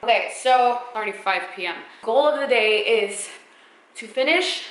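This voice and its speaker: A woman's voice: fairly high pitch, expressive, moderate pace, echoey room, background noise. A young woman filming a casual clothing try-on haul at home on her camera, chatty and upbeat, full of fillers. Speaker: fashion vlogger. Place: room at home. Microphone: camera mic.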